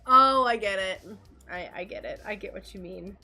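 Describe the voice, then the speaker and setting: A woman's voice: mid-range voice, moderate pace, pushed and bright, faint music behind. A woman with an American accent chatting casually to viewers while doing stained glass on a livestream, giggly and full of fillers.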